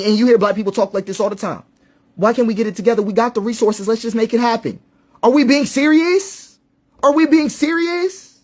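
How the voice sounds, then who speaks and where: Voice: medium pitch, darkish tone. Emphatic speaker stacking repeated points. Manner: rhetorical questions, lists points in rapid succession. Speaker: social commentator. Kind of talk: impassioned monologue.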